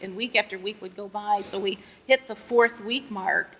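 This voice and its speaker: A woman's voice: medium pitch, fairly even intonation, moderate pace, a bit bright, slight background noise. A mother giving an earnest faith testimony in an interview, retelling her prayers with rising emphasis. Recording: long echoing reverb.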